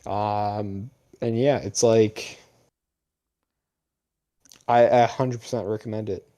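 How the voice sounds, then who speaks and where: A young man co-hosting a casual livestream, a little tipsy, rambling with many pauses and ums. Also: lowish voice, fairly even intonation, dark tone. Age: young adult. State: tipsy from drinking. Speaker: livestream co-host.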